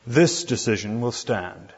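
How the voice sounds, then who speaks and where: Animated yet a bit slow, a man with a medium-pitched voice preaches an expository sermon, chatting with his audience and posing rhetorical questions. It was recorded dully in a reverberant hall.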